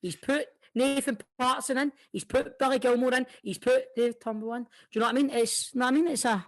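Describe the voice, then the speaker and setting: High-voiced Scottish man bantering. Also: steady tone, fast talker. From Scotland. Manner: banter with swearing. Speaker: podcast host. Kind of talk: casual podcast chat.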